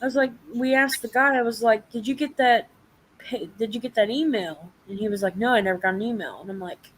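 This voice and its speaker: A woman's voice: medium pitch, slight background noise, low-quality recording. Young woman ranting in a casual live chat, swears a lot, acts out every quote. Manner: profane, animated storytelling.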